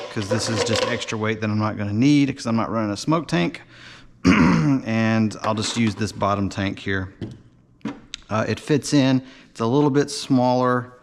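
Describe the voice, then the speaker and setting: A man casually showing and explaining his model build in a workshop, talking in a loose, rambling way with many fillers and restarts. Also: fairly low pitch. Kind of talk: casual workshop show-and-tell.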